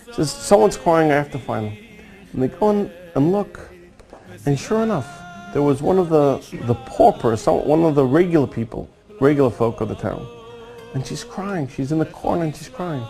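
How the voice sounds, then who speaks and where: A man giving a storytelling sermon on Kabbalah, animated and acting out the quoted dialogue. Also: fairly high pitch, moderate pace, soft background music, low-quality recording. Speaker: Kabbalah teacher.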